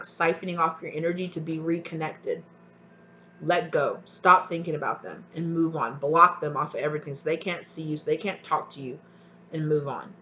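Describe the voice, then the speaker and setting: A woman's voice: deep voice, bright, forceful tone. An earnest woman gives a spiritual tarot reading, speaking directly and emotionally to her viewers. The sound is dull and lo-fi, like a home video recording. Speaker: tarot reader.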